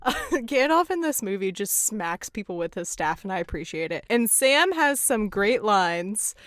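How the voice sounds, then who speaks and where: A woman hosting a podcast, chatting casually and laughing through quick asides while recapping a film. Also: medium pitch, big pitch swings, a bit bright, dry recording, studio quality. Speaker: podcast host.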